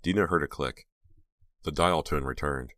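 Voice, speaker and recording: Very deep-voiced man narrating. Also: moderate pace, no room sound. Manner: steady, suspenseful reading. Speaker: audiobook narrator. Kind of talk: scripted narration.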